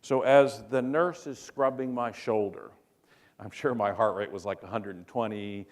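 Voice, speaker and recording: A man's voice: fairly low pitch, fairly even intonation, moderate pace. A middle-aged man, a physician, giving a conference talk in a joking, storytelling way and putting questions to the audience. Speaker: physician speaker.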